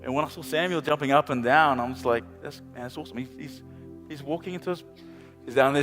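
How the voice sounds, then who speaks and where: A middle-aged man preaches with fervor, circling back to phrases again and again and slipping in light jokes. His voice sits a little high. It rings out through a large hall with a long echo, and soft music plays underneath. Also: fast talker, few pauses. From New Zealand. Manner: impassioned, repetitive preaching with playful asides. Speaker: pastor. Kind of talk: sermon.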